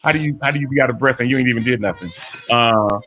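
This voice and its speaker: A man hosting a live online radio show, chatting casually and giving listeners shout-outs. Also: medium pitch, fast talker, soft background music.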